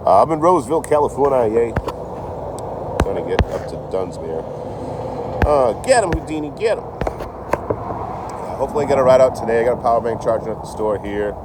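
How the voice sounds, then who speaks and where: A man's voice: mid-range voice, expressive, fast talker. A young man chatting casually on a live stream from outdoors, rambling and profane, laughing between thoughts. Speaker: train-hopping livestreamer. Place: outdoors in town near a store. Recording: phone outdoors with street noise.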